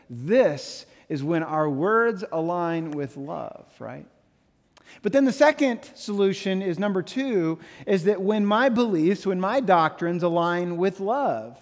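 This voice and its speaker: A man in his thirties preaching a sermon, animated, with playful asides and quotes he acts out. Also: high-pitched, takes it slowly, in a large hall. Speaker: pastor.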